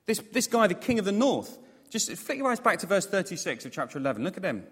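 A man preaching a sermon, animated and self-mocking, with jokey asides to the congregation. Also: sits high, quick pace, husky. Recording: long hall reverb.

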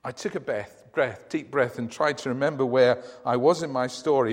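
A man's voice: mid-range voice, moderate pace, hardly any pauses, in a large hall. A man preaching a sermon, telling a dramatic story and reading testimony aloud.

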